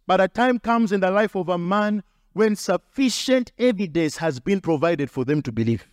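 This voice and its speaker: High-pitched guy preaching hard, repeats lines for punch, close dry mic. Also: animated, moderate pace, dry recording. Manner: emphatic preaching with repetition and acted quotes. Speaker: pastor. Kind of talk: sermon.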